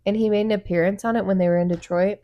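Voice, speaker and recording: A woman's voice: medium pitch, racing, muffled recording. A woman co-hosting a casual chat podcast, telling stories animatedly with lots of fillers. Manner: chatty, animated storytelling with fillers. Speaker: podcast co-host.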